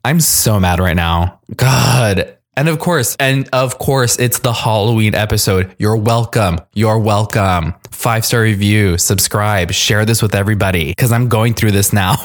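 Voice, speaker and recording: A man with a deep, low voice hosts a spooky podcast from home. He talks in a loose, rambling and animated way, with restarts and the odd curse word. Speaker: podcast host. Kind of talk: casual horror podcast storytelling. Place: alone in his apartment living room.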